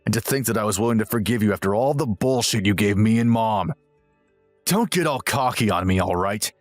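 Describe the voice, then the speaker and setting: A man's voice: lowish voice, expressive, a little fast, no echo, soft background music, lightly acted. A man voicing a smug, self-righteous young husband who lectures and sneers in a dramatized text-message story. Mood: arrogant.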